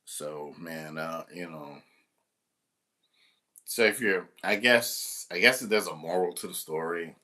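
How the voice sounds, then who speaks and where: A man with a low but bright, forceful voice tells a story straight to the camera. He works as a substitute teacher and talks casually, rambling and restarting, with plenty of swearing thrown in. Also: slow pace, pauses often.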